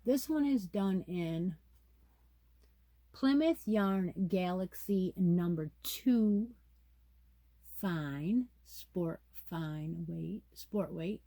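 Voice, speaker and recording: Lady slowly flipping through a crochet mag, chatty, kinda low voice. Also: expressive, mellow, dry recording. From United States. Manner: chatty, reads pattern details aloud, muses to herself. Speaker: crochet channel host. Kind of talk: casual yarn chat, paging through a pattern magazine.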